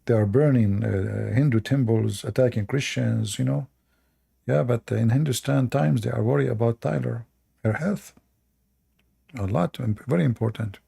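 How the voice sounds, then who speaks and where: A man's voice: mid-range voice, normal speed, creaky, dark tone, slightly rough. A man from the Middle East hosting casual commentary, rambling bluntly and crudely with many fillers and restarts. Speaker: host.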